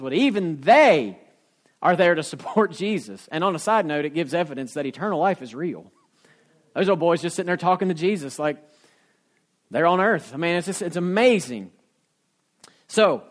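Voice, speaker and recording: High-voiced folksy preacher man. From Ohio. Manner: folksy storytelling preacher, rising to emphatic peaks. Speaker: pastor. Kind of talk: sermon.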